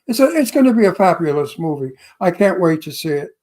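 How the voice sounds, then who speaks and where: A man's voice: high-pitched, big pitch swings, quick pace, darkish tone, rough recording. A man with a Brooklyn accent co-hosting a radio interview show, talking in a brash, emphatic, boisterous way. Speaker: co-host. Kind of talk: casual radio interview chat.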